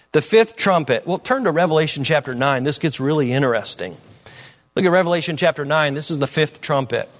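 A man preaching a sermon as pastor, reading scripture aloud and commenting with frequent fillers, swinging from low asides to loud declarations.

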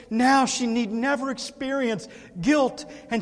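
Man, pastor, sermon, very high voice, slow and emphatic, echoey church hall. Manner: earnest, emphatic, with long pauses. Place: church sanctuary.

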